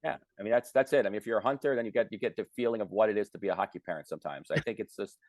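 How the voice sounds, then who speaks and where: Low-voiced, halting male podcast co-host. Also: a little mellow, no echo. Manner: thoughtful, halting with frequent restarts. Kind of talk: casual podcast chat.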